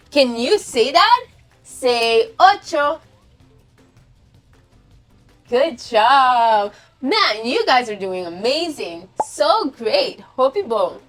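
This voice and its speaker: Woman children's teacher, high animated voice, slow and encouraging, faint music bed. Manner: slow, cheerful, praising and prompting children to repeat. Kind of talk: kids' counting lesson.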